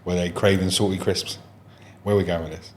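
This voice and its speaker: A man's voice: sits low, little pitch movement, fairly quick, slight background noise. A man, co-hosting a casual podcast chat, cracking dry, teasing jokes. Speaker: podcast co-host.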